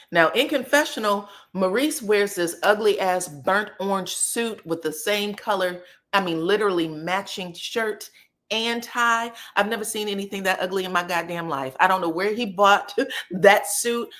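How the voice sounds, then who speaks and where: A woman hosting a casual live stream, recapping a reality show with sassy, profane commentary and talking to her chat. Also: medium pitch. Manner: animated, sassy, profane, quotes people in put-on voices.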